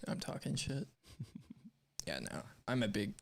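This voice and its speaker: A man's voice: mid-range voice, sing-song, unhurried, gravelly. A man co-hosting a live stream show, chatting casually and reading out messages from the chat in a rambling, candid way.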